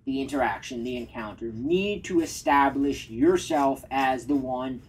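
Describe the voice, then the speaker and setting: A man talking in a relaxed, reflective way, co-hosting a casual conversation about dating. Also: medium pitch, a little slow, husky, poor audio.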